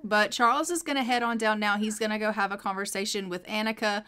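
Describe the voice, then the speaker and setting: A woman's voice: medium pitch, steady tone, quick pace, sharp tone, smooth. A young adult woman narrating a life-simulation game in a casual storytelling way, with frequent fillers. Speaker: let's play narrator.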